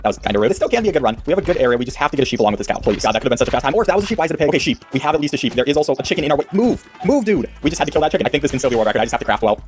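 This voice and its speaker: Young man, rapid gameplay chatter, lively pitch, faint music bed. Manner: upbeat, self-mocking, quick asides. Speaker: gaming youtuber. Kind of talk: casual gameplay commentary.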